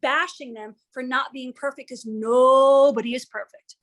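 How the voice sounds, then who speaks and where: A woman's voice: high-pitched, fairly even intonation, moderate pace, a bit bright. A woman speaking as an interview guest, a matchmaker and TV producer. She tells stories candidly, acts out quoted lines and swears freely.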